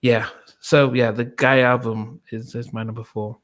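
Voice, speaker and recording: A man's voice: medium pitch, flat delivery, measured pace, a bit bright. Laughing, chatty man on a podcast. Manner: laughs often, repeats himself. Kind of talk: casual podcast chat.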